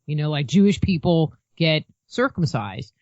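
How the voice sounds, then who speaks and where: A woman's voice: sits low, lively intonation, moderate pace, darkish tone, no echo. Rambling woman guest, muffled dry sound. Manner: rambling, heavy use of "you know". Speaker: podcast guest, author. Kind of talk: casual chat.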